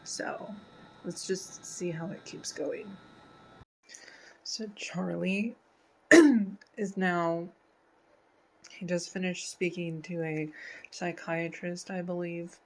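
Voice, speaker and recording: A woman hosting a casual reaction video, talking through an episode with many fillers and slipping into a soft whisper at sad parts. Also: on the low side, fairly even intonation, slow, long pauses, low-quality recording. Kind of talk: casual pause-and-talk commentary.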